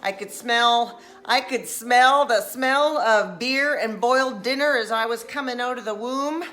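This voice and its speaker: Speaking a little slowly in a slightly high, somewhat bright voice, this Nova Scotia vlogger cooks at home while talking to her live-stream audience. She keeps things chatty and full of jokes, often switching into silly put-on voices.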